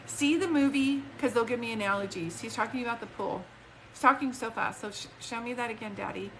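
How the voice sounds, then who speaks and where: A woman's voice: fairly high pitch, fairly quick, a little hiss or hum. A woman working as a psychic medium on a live stream. She rambles with emotion, breaks off mid-sentence, and speaks both to an unseen spirit and to a viewer, into a phone.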